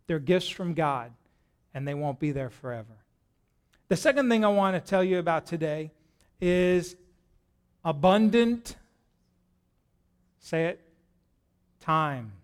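A middle-aged man preaching a sermon to a congregation in a church, lively and joking as he talks to them directly. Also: a little high, unhurried, pauses often, clean tone. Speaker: pastor.

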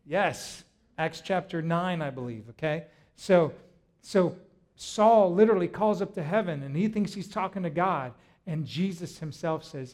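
A man preaching a sermon, retelling a story in a lively way and often stopping to restart his words. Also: high-pitched, a little slow. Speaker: pastor.

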